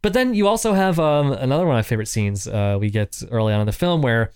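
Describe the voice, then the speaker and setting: A man's voice: medium pitch, lively intonation, quick pace, darkish tone, smooth, no echo, clean studio sound. A man co-hosting a casual film podcast, retelling scenes with frequent restarts and laughter. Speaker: podcast co-host. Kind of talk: casual film review chat.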